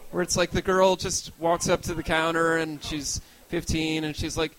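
A man's voice: a little high, flat delivery, normal speed, fairly bright tone, low-quality recording. A young man doing a stand-up set, self-deprecating and rambling, with frequent restarts and fillers. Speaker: stand-up comedian.

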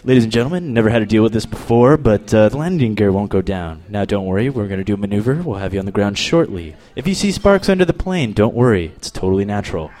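A man voicing a calm male airline pilot making a slow, deep intercom announcement. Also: lightly acted. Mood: cool, reassuring.

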